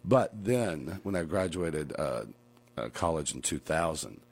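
A man's voice: very deep voice, expressive. A man from Atlanta, Georgia with a Southern US accent, telling stories as a guest in a casual conversation and laughing often. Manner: storytelling, laughs often, quick bursts of speech.

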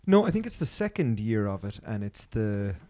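A man's voice: fairly low pitch, big pitch swings, moderate pace, dark tone. An Irish man chatting casually on a podcast, enthusiastically reviewing a festival with many restarts. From Ireland.

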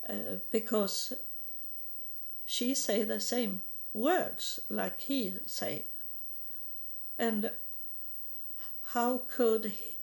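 A Swedish woman speaks English as she gives a halting personal religious testimony, repeating words and breaking her grammar. Her voice is medium-pitched and darkish, with vocal fry.

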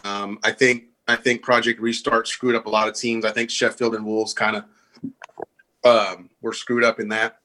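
Man, podcast co-host, casual sports chat, bright clear tone, opinionated, filler-heavy. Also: fairly low pitch, flat delivery, normal speed. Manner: opinionated, repeats "I think", many fillers.

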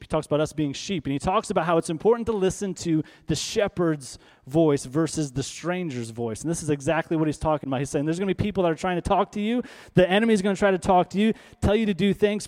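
Man preacher, animated storytelling sermon, higher-pitched voice, long hall reverb. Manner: animated, conversational, frequent "right?".

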